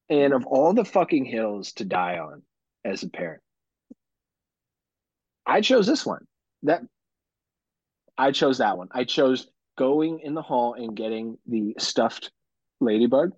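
A man hosting a podcast, telling a profane, animated story about his kids in casual chat. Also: medium pitch, moderate pace, pauses often, breathy edge, no echo. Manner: profane, animated storytelling with mock-dramatic quotes. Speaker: podcast host. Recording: dull lo-fi podcast audio.

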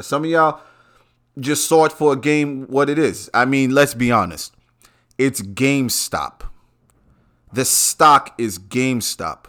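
A man hosts his own podcast in a loose, swearing rant. His pitch swings widely as he talks, and he jumps from mutters to sudden loud, high bursts. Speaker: podcast host. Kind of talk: casual ranting monologue.

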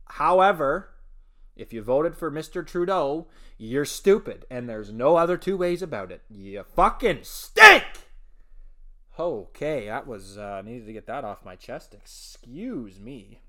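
A man from Ontario hosting a casual solo podcast, rambling and swearing, with sudden shouted outbursts. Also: medium pitch. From Ontario, Canada. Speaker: podcast host.

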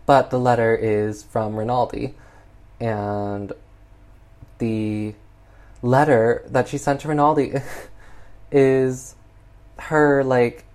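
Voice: medium pitch, fairly even intonation, takes it slowly, long pauses, darkish tone. A film reviewer recapping a movie plot in casual chat, exasperated and full of "like" and "um.". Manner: chatty, exasperated, heavy use of "like".

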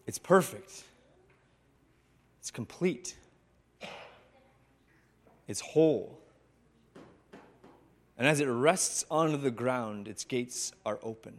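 Male pastor telling a sermon story, unhurried, reflective, with long pauses. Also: mid-range voice, lively intonation. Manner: slow, reflective, with dramatic pauses.

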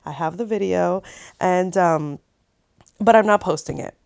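Woman, 30s, casual storytelling vlogger, chatty and animated, dry close mic. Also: lowish voice, a little slow, gravelly, no echo. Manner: chatty, animated, many likes and swears.

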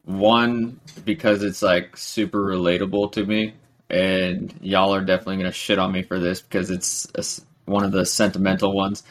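A man's voice: deep voice, flat delivery, moderate pace. A man co-hosting a casual podcast chat, talking in a rambling, hesitant way. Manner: rambling, hesitant with frequent ums and likes. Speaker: podcast co-host.

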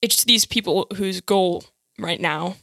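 Chatty young woman with gravelly voice. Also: lowish voice, a bit bright, dry recording, studio quality. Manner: chatty, laughs often, quick asides. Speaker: podcast guest. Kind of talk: casual chat.

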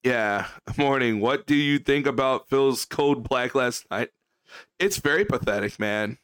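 A man's voice: medium pitch, lively intonation, unhurried, a bit bright, clear, resonant tone, no room sound. A man ranting on his livestream, profane, heated and repetitive as he talks to his chat. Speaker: streamer.

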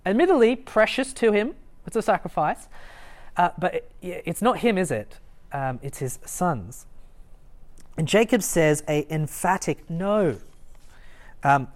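A young adult gives an informal Bible talk at a student meeting, pitched in the middle range. The delivery is relaxed and conversational, full of fillers, restarts and small chuckles as the story is retold. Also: a little slow, long pauses. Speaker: student ministry Bible teacher. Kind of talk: casual expository Bible talk. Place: lecture room at a student meeting.

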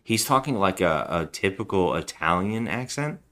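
A man's voice: low voice, animated, moderate pace, fairly bright tone. A man co-hosting a podcast, chatting casually and ramblingly while he reviews a movie. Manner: chatty, rambling, jokey impressions. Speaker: podcast co-host.

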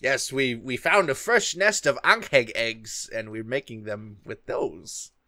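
A man voicing a proud, touchy male inn chef who is quick to take offence. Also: mid-range voice, bright, forceful tone, no echo, studio quality. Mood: boastful. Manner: indignant, pushy.

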